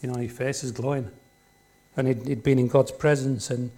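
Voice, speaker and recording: With a steady, dark, medium-pitched voice at a moderate pace, a man gives a sermon from the front of a church. He keeps it conversational and plain, regularly asking the congregation "isn't it?" and "don't we?" to keep them engaged.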